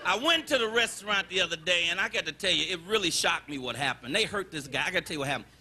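A man doing a live stand-up set, loud and animated, repeating his punchlines and phrases for effect. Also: high-pitched, quick pace, husky. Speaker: stand-up comedian. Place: comedy stage with live audience.

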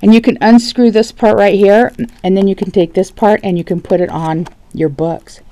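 Sitting at her dining table at home, a crafting vlogger opens gift packages on camera, gushing, gasping, and frequently sinking into a whisper. Her mid-range voice holds fairly even intonation at a normal speed, captured on a rough recording.

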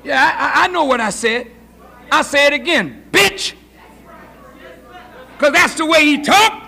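A man preaching a sermon lecture as minister, shouting for emphasis and acting out the voices of others. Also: extremely high pitch, lively intonation, moderate pace, vocal fry, some chatter behind. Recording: 1980s lecture hall recording.

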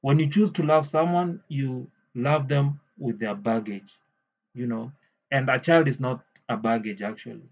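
A man's voice: medium pitch, moderate pace, dull audio. A man giving blunt, opinionated casual commentary on a clip, swearing freely.

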